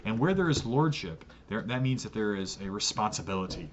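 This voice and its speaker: A man's voice: fairly low pitch, lively intonation, brisk, muffled recording, a little hiss or hum. A man teaching a church catechism lesson as pastor, earnest, often repeating words as he restarts a sentence.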